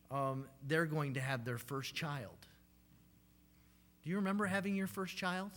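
A man's voice: on the high side, unhurried, long pauses, a bit bright. A man in his thirties preaching a sermon as a pastor, telling stories in a conversational way with frequent "right?" tags and ums.

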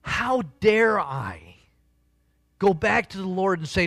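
A pastor delivers a sermon in an earnest, conversational way that builds into emphatic swells. His voice sits high and sounds bright and forceful. The sound is dry and close, with little room in it. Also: lively intonation, slow, pauses often, no room sound.

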